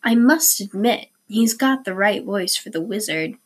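A woman reading the part of a nervous, secretive young actress who speaks softly and anxiously. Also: medium pitch, lively intonation, a little slow. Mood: hushed. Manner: soft, anxious.

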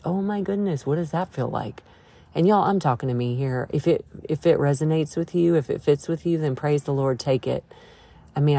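Low gravelly woman, earnest devotional talk. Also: warm tone. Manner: earnest, emphatic and conversational. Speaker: podcast host. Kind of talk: devotional podcast monologue.

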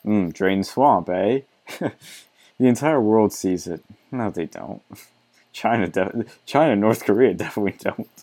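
Brief: low-pitched male commentator, sarcastic and mocking, swears freely. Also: animated, normal speed, long pauses, warm tone. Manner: sarcastic, mocking, swears often, laughs between remarks. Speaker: commentator reacting to an article. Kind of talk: reading aloud and ranting commentary.

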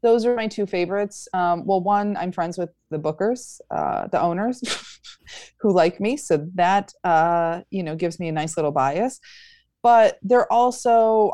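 A woman's voice: lowish voice, unhurried, warm tone, no echo, studio quality. A young adult woman comedian chatting in an interview, upbeat, with frequent fillers and restarts. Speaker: stand-up comedian guest. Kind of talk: casual interview chat.

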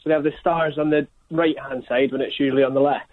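A man's voice: medium pitch, fairly even intonation, quick pace. A man calling a radio phone-in with a question, casual and inquisitive, heard down a phone line. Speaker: caller. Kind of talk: phone-in call.

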